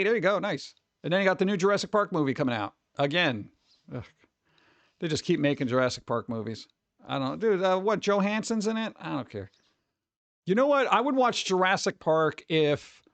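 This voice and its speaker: A man's voice: high voice, fairly bright tone, dry recording. A man chatting casually with his stream viewers, rambling and laid-back, calling everyone "dude.". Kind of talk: casual livestream chat.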